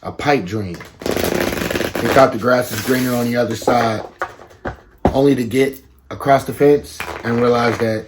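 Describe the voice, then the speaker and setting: A man giving a casual tarot reading to his viewers, talking slowly and repeating himself, with bits of slang. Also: mid-range voice, steady tone, heavy background noise. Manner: slow, repetitive, conversational with slang. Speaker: tarot reader.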